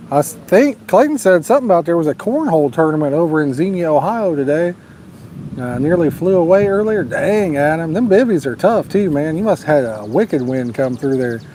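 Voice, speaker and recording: A man's voice: a little high, lively intonation, moderate pace, dark tone, slight background noise. A man hosting a live fishing stream outdoors at night, chatting casually and reading out viewer comments. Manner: laid-back, drawling, urges viewers to like and subscribe. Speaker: fishing livestream host. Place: outdoors at a lake at night, storm nearby.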